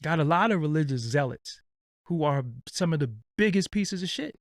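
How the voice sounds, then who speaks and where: A man's voice: a little high, expressive, moderate pace, no echo, studio quality. A man hosting his own livestream, ranting bluntly and casually with profanity and lots of fillers. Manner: blunt, profane, streetwise, rambling. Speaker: channel host.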